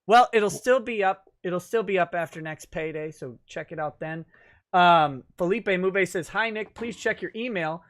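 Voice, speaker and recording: A man's voice: high voice, normal speed, a bit bright. Enthusiastic male livestream host. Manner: reads viewer chat comments aloud; laughs often, enthusiastic. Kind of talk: casual livestream chat.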